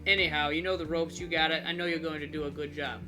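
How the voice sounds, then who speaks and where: A man's voice: a little high, little pitch movement, quick pace, over music, lightly acted. A man voicing a worried, fatherly middle-aged taxi boss with a New York accent, talking business. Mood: earnest. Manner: pushy, talks business.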